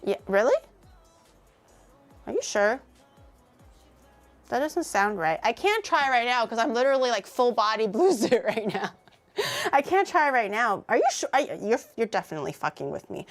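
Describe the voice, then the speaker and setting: A young woman with a somewhat high voice chats with her viewers while she cooks on a livestream. She teases them, laughs a lot and swears freely, and she keeps a loose, playful tone. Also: very animated, normal speed, pauses often, soft background music. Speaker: cooking streamer. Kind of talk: casual cooking livestream chat.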